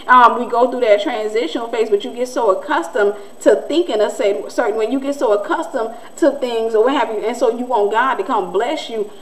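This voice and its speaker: A woman, preaching in a conversational, animated way and acting out the voices she quotes. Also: a little high, brisk, few pauses, slight background noise, poor audio. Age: 40s. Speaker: Christian teacher and host. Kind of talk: preaching-style teaching talk.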